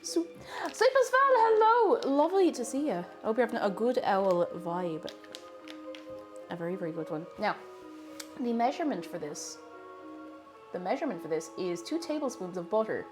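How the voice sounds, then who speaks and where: A woman's voice: on the low side, animated, moderate pace, pauses often. A woman live-streaming from her home kitchen while baking, chatting playfully and humming and singing to herself. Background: music.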